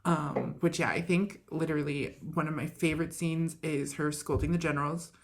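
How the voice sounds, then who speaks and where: A woman's voice: low-pitched, normal speed. A woman co-hosting a fan podcast in casual chat, talking animatedly and acting out quotes with lots of "like". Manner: animated, acts out quotes, frequent "like". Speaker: podcast co-host.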